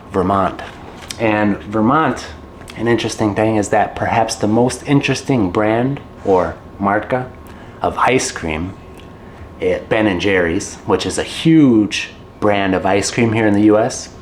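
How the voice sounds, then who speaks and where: A man's voice: on the low side, a little hiss or hum. A man from the American Midwest with a General American accent, giving a chatty English lesson for learners and often checking in with "okay" and "guys". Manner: chatty, repeats "okay" and "guys", drops in Spanish glosses. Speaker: English teacher. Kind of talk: casual video lesson for learners.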